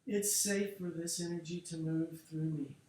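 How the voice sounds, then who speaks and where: A man with a fairly high, mellow voice gently guides a group through a tapping session, inviting and encouraging. He is recorded from well away from the mic in a very echoey room, with faint noise behind. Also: steady tone, moderate pace, recorded from a distance. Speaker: workshop leader. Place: workshop studio room.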